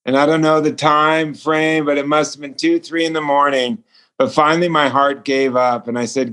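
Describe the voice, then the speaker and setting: Earnest higher-voiced man telling a story. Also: steady tone, moderate pace, fairly bright tone, clean tone. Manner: earnest, acts out quoted dialogue. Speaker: guest, author and speaker. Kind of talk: personal storytelling in a remote interview. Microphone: remote call connection.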